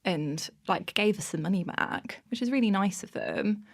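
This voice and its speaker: Lively woman telling a story. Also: medium pitch, moderate pace. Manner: animated storytelling, bursts of laughter. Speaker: podcast guest. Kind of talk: casual interview chat.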